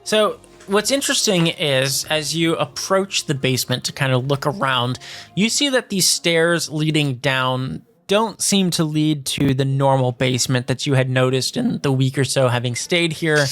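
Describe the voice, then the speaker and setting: A man's voice: on the high side, moderate pace, fairly bright tone, faint music behind. A man narrating scenes as game master of a tabletop role-playing game, describing at length with many fillers.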